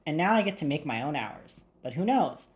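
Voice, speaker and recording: Understated male hired killer, read by a woman, low voice, audiobook. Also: big pitch swings, brisk. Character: male ex-commando henchman, calm, understated.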